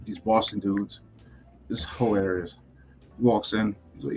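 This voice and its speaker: A man's voice: fairly low pitch, fairly even intonation, unhurried, a little mellow, soft background music. A man co-hosting a casual talk show, laid-back, telling stories with little put-on voices. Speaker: podcast co-host. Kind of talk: casual chat.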